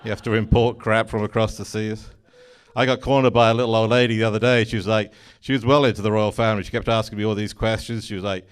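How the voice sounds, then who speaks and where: Dry English comedian, lowish voice. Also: male voice, level tone, quick pace, clean tone. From England. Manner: dry, mock-indignant punchlines. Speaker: stand-up comedian. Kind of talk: stand-up comedy.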